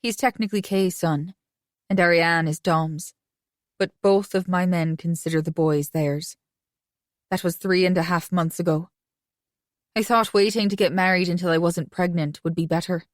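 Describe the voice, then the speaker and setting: A woman reading a romance audiobook in first person with an even, conversational delivery. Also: on the low side, normal speed, dry recording, studio quality. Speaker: audiobook narrator.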